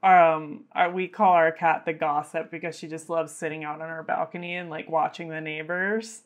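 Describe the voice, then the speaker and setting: A woman's voice: low voice, level tone, moderate pace, noisy background. A woman on a podcast panel, chatting casually with lots of fillers and giggles. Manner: giggly, filler-heavy, soft-spoken. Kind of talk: casual chat.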